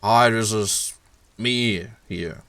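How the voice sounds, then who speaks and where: A man's voice: on the low side, drawn-out words, fairly bright tone, full character voice. A man doing a flustered, embarrassed detective. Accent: German. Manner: pleading, flustered.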